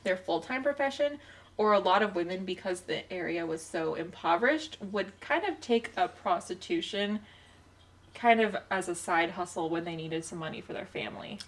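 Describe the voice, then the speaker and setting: A woman's voice: lowish voice, lively intonation, moderate pace. A woman co-hosting a casual podcast chat, who keeps steering things back on track with "okay, well". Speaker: podcast co-host.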